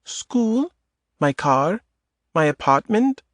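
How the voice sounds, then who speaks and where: A man's voice: a little high, very animated, slow, fairly bright tone, no room sound, clean studio sound, pitched above the performer's own voice, full character voice. A man voicing a teasing young woman in her thirties with a light Eastern European accent and blunt, clipped phrasing, in an audiobook. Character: woman in her early thirties, lithe yoga lover, teasing.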